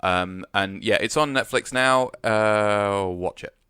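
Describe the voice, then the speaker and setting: A man's voice: fairly low pitch, slow, bright, forceful tone, clean tone, no echo. A man co-hosting a podcast in a radio studio, rambling casually with lots of hesitant fillers. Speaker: podcast co-host. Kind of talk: casual chat.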